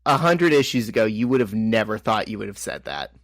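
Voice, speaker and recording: A man's voice: lowish voice, lively intonation, brisk, a bit bright, no echo. A man co-hosting a podcast, chatting casually about comics with wry, dry jokes. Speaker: podcast co-host.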